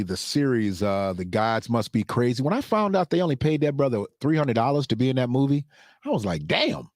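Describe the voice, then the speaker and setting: Animated man in casual commentary. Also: no echo, studio quality. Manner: animated, swings into high mocking voices when quoting. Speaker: host of a commentary show.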